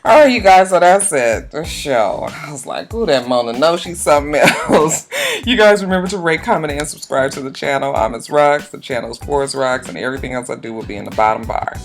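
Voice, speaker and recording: A woman recapping a reality TV episode on her vlog, loud and profane, laughing and acting out the cast's lines. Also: animated, fairly quick, faint music behind. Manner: loud, profane, laughing, swinging from low mutters to high shrieks; acts out the cast members' lines in quoted voices. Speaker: YouTube reality-TV reviewer.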